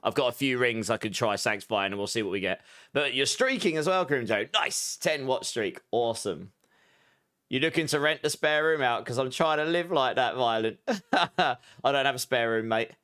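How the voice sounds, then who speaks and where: There's an animated, slightly bright quality to this man's medium-pitched, clean voice. In his thirties and from southeast England, he speaks with an Essex accent, chatting loosely with viewers during a game stream, reading their messages and making quick side remarks.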